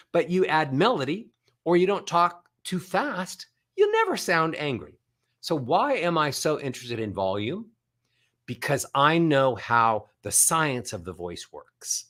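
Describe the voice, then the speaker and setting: Lively, expressive man giving a talk. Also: fairly high pitch. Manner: animated, demonstrates vocal sounds as he explains. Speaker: vocal coach giving a book tour talk. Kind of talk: live motivational talk.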